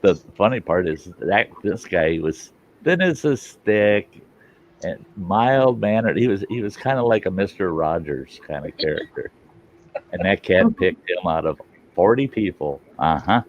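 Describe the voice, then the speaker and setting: Casting: low-voiced man, casual rambling storyteller, salty and laughing, lo-fi recording. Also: animated, unhurried. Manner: rambling, laughs a lot, folksy and profane. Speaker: host. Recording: dull lo-fi sound with faint hiss.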